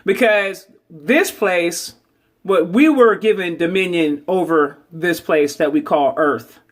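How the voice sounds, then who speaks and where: A man's voice: sits high, takes it slowly. A man giving a preachy spiritual vlog talk, calling listeners babies and asking "okay?" again and again. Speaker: spiritual social media host.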